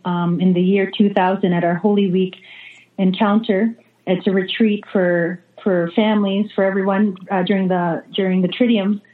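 A woman who is a religious sister, a guest in a remote interview, telling a story with many fillers and restarts. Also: medium pitch. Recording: echoey, phone-like remote call audio.

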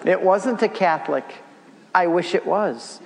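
A man's voice: high voice, a little slow, vocal fry, background noise. A middle-aged man giving a storytelling church talk, acting out the dialogue as he goes. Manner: animated storyteller, acts out dialogue. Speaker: Catholic speaker giving a talk. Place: church hall. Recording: long reverb of a large hall.

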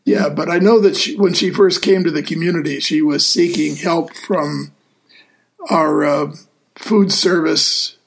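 A man hosting a casual talk show as a deacon, speaking in an earnest, easygoing way with frequent pauses. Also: fairly high pitch, fairly even intonation, creaky. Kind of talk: casual radio show chat.

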